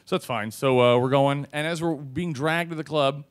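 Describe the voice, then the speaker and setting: A man telling a personal story on stage to a live audience, animated and conversational, with plenty of fillers and swearing. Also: fairly high pitch, normal speed.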